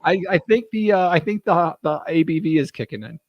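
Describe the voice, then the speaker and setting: A man's voice: fairly high pitch, animated, a little fast, dry recording, dull audio. A man hosting a casual podcast chat, reading out guesses with lots of fillers. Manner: reads out guesses with many fillers.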